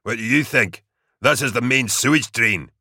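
A man's voice: medium pitch, fairly even intonation, brisk, vocal fry, sharp tone, no echo, voice pushed up, full character voice. Man voicing a grumpy one-eyed veteran in his fifties, snappish, sarcastic, dry close sound.

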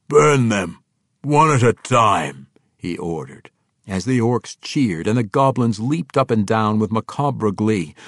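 A man narrating a fantasy audiobook in an expressive storytelling manner on a close microphone. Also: on the low side, dry recording. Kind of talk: scripted narration.

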